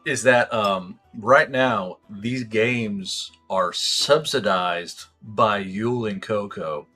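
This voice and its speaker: A man's voice: on the low side, slow pace, bright, forceful tone, faint music behind. A man running a tabletop game as game master, describing scenes in a rambling, profane way with many fillers.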